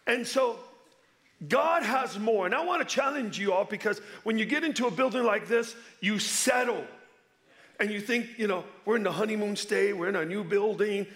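A man in his fifties from Chicago, a guest pastor preaching in an energetic, playful way and calling on the congregation to answer back. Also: high-pitched, normal speed. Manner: energetic, playful, calls for audience response. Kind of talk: sermon.

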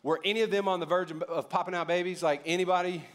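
A man's voice: high-pitched, fairly even intonation, quick pace. A man preaching a sermon as pastor, talking in a conversational way and putting questions to the congregation.

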